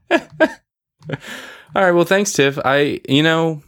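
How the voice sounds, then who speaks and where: A man co-hosting a game podcast, bantering in a wry, deadpan way during casual chat. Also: fairly high pitch, slow pace, clear, resonant tone. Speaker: podcast co-host.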